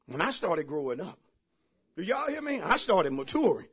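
A man preaching a sermon as pastor to his church, shouting his points, then dropping to quiet asides and laughing along with the congregation. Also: very high voice, very animated, unhurried, pauses often, husky.

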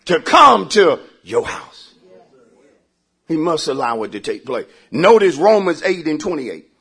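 High-voiced preacher guy, bright and husky, big swings, call-and-response. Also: very animated, a little slow. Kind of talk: sermon. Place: church.

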